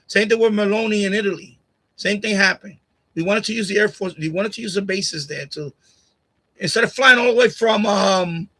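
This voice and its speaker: Chatting casually with his live-stream audience, a man is blunt, repeats himself, and laughs at what people write. He speaks in a high, husky voice with a sharp tone. Despite the USB condenser mic on a boom arm in his home streaming setup, the recording is rough.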